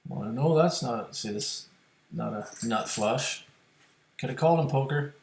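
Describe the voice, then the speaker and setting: A man's voice: medium pitch, measured pace, gravelly, darkish tone, reverberant. A man casually talking to his viewers while playing online poker, thinking aloud about hands and chip stacks. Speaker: poker streamer. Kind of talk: casual live-stream commentary.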